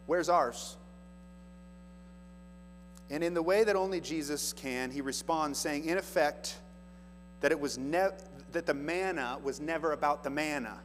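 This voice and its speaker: A man's voice: fairly high pitch, moderate pace. A man preaching a sermon, reading scripture aloud with earnest, rising emphasis. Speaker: pastor. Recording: long hall reverb, faint music and mains hum.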